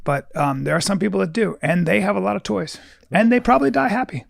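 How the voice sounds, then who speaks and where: Casting: male podcast host, gravelly edge, dry close sound, playful comic storyteller. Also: high voice, lively intonation, quick pace, no room sound. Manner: playful storyteller, acts out voices of people in his stories. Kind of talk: casual comedic chat.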